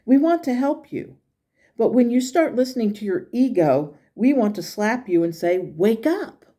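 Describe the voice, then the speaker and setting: A woman's voice: on the high side, animated, moderate pace, dark tone, voice pushed up. Woman voicing a blunt, caring spirit guide. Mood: exasperated. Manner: blunt, encouraging, exasperated at times. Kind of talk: reading channeled messages aloud.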